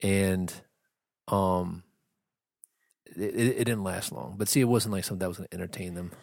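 Casting: low-pitched man, easygoing talk, dry close mic. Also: steady tone, creaky, darkish tone, dry recording. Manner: supportive listener, frequent quick agreement. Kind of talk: casual chat.

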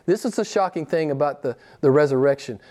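A man's voice: fairly high pitch, expressive, fairly quick, dark tone. A man preaching a sermon to a small group, emphatic, repeating his key phrases and asking rhetorical questions. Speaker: pastor.

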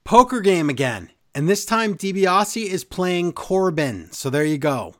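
A man talks through a recap in casual chat, his pitch swinging widely as he tells the story. He slips into quick impressions of the people he quotes, then drops back into his own voice. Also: big pitch swings, fairly bright tone. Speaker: podcast co-host recapping wrestling.

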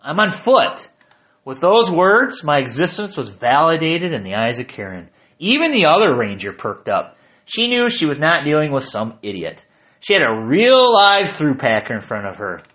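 A man's voice: a little high, big pitch swings, normal speed, bright, forceful tone, dull audio. A man narrating his hiking journal aloud with wry, self-mocking humor.

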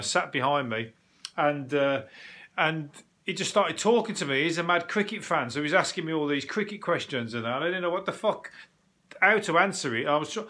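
A man's voice: a little high, fairly bright tone. A man hosting a podcast, telling rambling, sweary stories in a casual chat with frequent chuckles. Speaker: podcast host.

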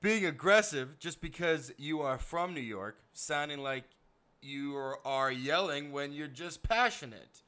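A woman's voice: low voice, lively intonation, measured pace, fairly bright tone. A woman from Boston co-hosting a casual chat, swearing freely and teasing with a lot of laughter. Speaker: podcast co-host.

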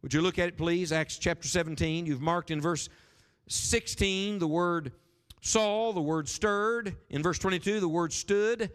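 A man pastor preaching a sermon, animated and emphatic, rising and dropping his voice for stress. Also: sits high, measured pace, smooth. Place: church sanctuary. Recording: sermon with long hall reverb.

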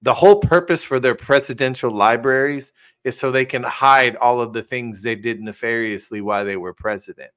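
A man's voice: mid-range voice, moderate pace, a bit bright. A man co-hosting a casual political talk show, speaking emphatically and addressing viewers directly. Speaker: co-host.

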